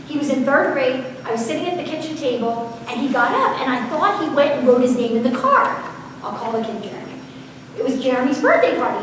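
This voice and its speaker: A woman giving a parenting seminar, telling stories in a chatty way and asking the audience questions. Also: high-pitched. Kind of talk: conversational seminar talk. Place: large echoey hall. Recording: echoey hall recorded from far off, faint hiss.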